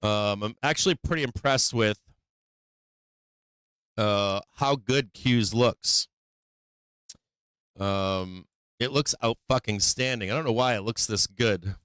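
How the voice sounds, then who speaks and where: A man's voice: lowish voice, takes it slowly, pauses often, fairly bright tone, clean tone, dry recording, studio quality. A man hosting a live trading show in casual commentary, coaxing and teasing the chart, swearing and laughing often.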